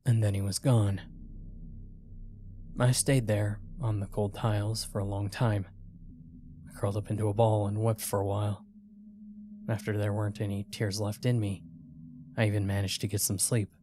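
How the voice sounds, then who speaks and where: A man's voice: lowish voice, level tone, moderate pace, pauses often, noisy background. A man narrating a first-person horror story in a tense, dramatic way.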